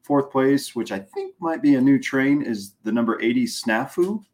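A man co-hosting a local racing show, running down results in a relaxed, rambling way. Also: mid-range voice, moderate pace. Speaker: co-host, racing recap. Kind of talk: casual chat.

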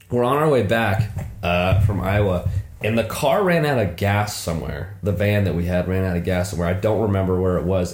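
Animated storytelling man, roomy sound. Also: deep voice. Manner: animated, swearing, acts out quotes in raised voice. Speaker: podcast co-host. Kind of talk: casual storytelling chat. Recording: roomy echo.

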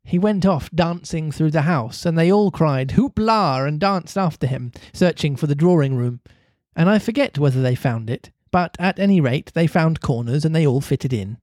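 A man's voice: normal speed, dry recording, clean studio sound. A man reading a classic children's novel aloud to a co-host, lifting his voice for character lines. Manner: animated reader, lifts pitch for character lines. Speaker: reader and co-host.

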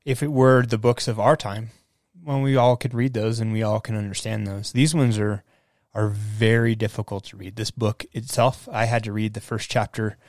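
A man's voice: lowish voice, darkish tone, no room sound, studio quality. A man co-hosting a podcast, explaining things in an earnest, casual way. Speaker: podcast co-host.

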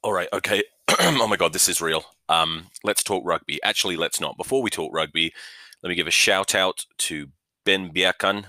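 A man's voice: deep voice, moderate pace, bright, forceful tone, no echo. A man hosting a rugby podcast, rambling through a profane, joking, self-mocking rant with many restarts, into a new podcast microphone. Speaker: podcast host.

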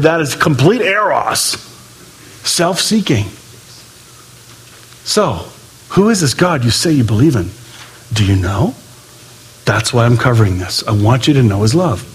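A pastor delivers an animated sermon, acting out quoted voices and swinging between loud and hushed moments. His voice sits high and sounds husky.

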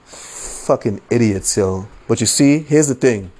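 A man with a mellow, mid-range voice hosts a podcast at a slightly slow pace, delivering a casual political rant. He swears heavily, keeps repeating "you know what I'm saying," does mocking impressions of people he quotes, and laughs at his own points.

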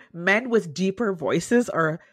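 A woman's voice: mid-range voice, expressive, slow pace, husky, dry recording. A young woman co-hosting a podcast in casual chat, talkative, laughing often and swearing casually. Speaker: podcast co-host.

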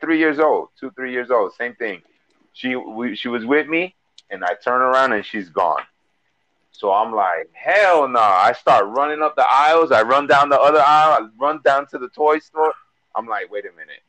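A Miami-accented man co-hosts a casual podcast, telling stories in a loose, profane, animated rush of fillers and restarts. His voice sits in an ordinary male middle register. It is recorded on a close, dry mic with little room sound. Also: medium pitch, no echo, rough recording. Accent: Miami English. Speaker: podcast co-host.

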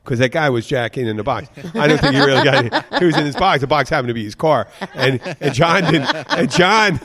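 A man's voice: mid-range voice, expressive, brisk, a bit bright. A man co-hosting a podcast, telling rambling stories and laughing at his own jokes in casual chat. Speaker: podcast co-host.

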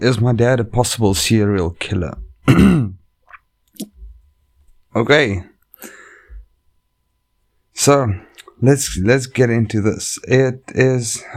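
Speaking in a lowish, darkish voice, this man hosts a comedy show and podcast, shooting the breeze and reading stories from the internet into the mic. His manner is rambling and profane, and he keeps cutting himself off mid-thought.

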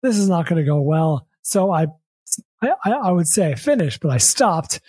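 An American man, a podcast host, telling a long story in casual chat, rambling and repeating words, acting out quick quotes. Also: fairly high pitch, big pitch swings, warm tone, husky, dry recording.

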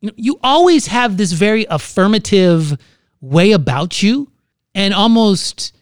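A man's voice: high voice, lively intonation, measured pace, clear, resonant tone, dry recording, studio quality. A man co-hosting a podcast in casual chat, playful and teasing, drifting off on tangents. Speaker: podcast co-host.

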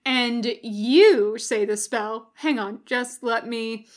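A woman's voice: on the high side, slow pace. A woman reading a story aloud, voicing a cheerful, sly male demon with a breezy, chatty manner.

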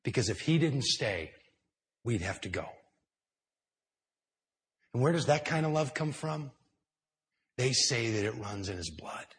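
Guy preaching a sermon in a church, mid-pitched voice, goes quiet and slow then punches it up loud, real storyteller vibe. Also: lively intonation. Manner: dramatic storytelling, swinging between hushed and loud. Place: indoor church hall with high ceiling.

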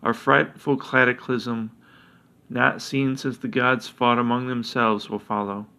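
A man voicing an ancient dragon who speaks in solemn, measured prophecy. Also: mid-range voice, little pitch movement, vocal fry, pushed and bright. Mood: solemn, foreboding.

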